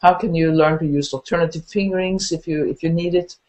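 Older woman, Norwegian accent, horn teacher, animated and chatty, video call audio. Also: low voice, brisk. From Norway. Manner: animated, laughing, quotes imagined students. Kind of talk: live video call interview.

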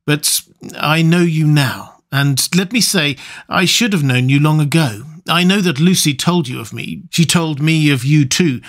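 A man voicing a solemn gentleman doctor. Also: a little high, voice pushed up. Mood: earnest. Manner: measured, solemn, formal. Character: sober, sorrowful gentleman doctor. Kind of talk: audiobook character reading.

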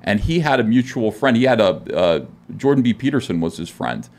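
A middle-aged man with a fairly low voice tells his story as a podcast interview guest. He rambles and fills gaps with "uh," and he plays out the lines of others in his own voice. The sound is a close studio microphone. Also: very animated, brisk, a little mellow. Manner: rambling, frequent "uh" fillers, acts out quoted dialogue. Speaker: guest comic artist.

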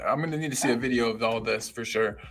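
A man's voice: mid-range voice, fast, creaky, a crowd in the background. A man co-hosting a live podcast stream, upbeat and reading out viewer comments and greeting people by name. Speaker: podcast co-host.

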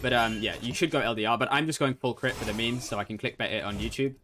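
Foul-mouthed young man calling his game. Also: fast. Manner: swears freely, jumps between chat and play-by-play; bursts into excited high outbursts. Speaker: gamer streaming ranked play. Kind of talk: casual gameplay commentary.

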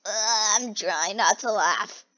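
A young person giggling and gasping while reacting to game clips in a try-not-to-laugh challenge. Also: female voice, mid-range voice, takes it slowly, sharp tone, dull audio. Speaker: video reactor.

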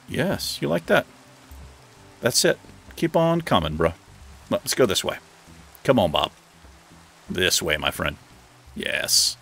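A man casually narrating his own game as he plays, chatting to the animals and now and then jumping into high, excited bursts. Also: vocal fry. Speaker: gaming host. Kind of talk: casual let's play commentary.

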